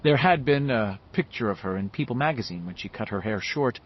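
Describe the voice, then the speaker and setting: A man reading a novel aloud with expressive, varied delivery, in a dull lo-fi audiobook recording. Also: mid-range voice, fairly quick. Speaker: audiobook narrator. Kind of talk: scripted novel narration.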